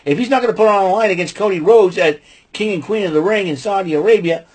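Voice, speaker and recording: A man hosting a casual show, recapping wrestling in an excitable, rambling way and breaking into loud mock quotes. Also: sits high, quick pace. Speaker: podcast host recapping wrestling. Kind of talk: casual chat.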